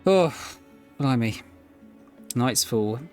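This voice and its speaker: A man's voice: mid-range voice, lively intonation, extremely slow, darkish tone, faint music behind. A man giving chatty, jokey gameplay commentary as a streamer, swearing now and then.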